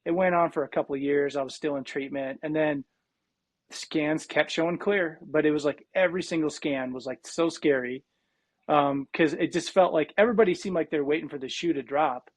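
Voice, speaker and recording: Male guest, 40s, from South Dakota; slightly raised pitch, dry close mic, animated storyteller. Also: fairly quick, no room sound. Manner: animated, frequent restarts and quoted dialogue. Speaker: guest, cancer survivor. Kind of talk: casual storytelling interview.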